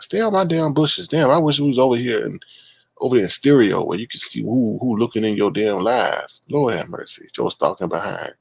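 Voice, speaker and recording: A man's voice: medium pitch, gravelly, breathy edge, no room sound. Sassy, scolding male livestream host. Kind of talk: ranting live commentary.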